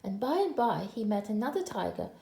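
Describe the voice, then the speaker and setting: A woman storyteller reading a children's storybook aloud in a gentle, sing-song manner. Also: mid-range voice, very animated, brisk, vocal fry. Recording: echoey room.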